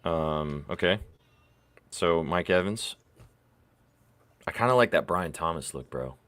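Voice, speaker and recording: A man with a deep, low voice hosts a casual sports betting chat. He talks in a laid-back, loose way and swears freely. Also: expressive, takes it slowly, fairly bright tone. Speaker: sports betting show host.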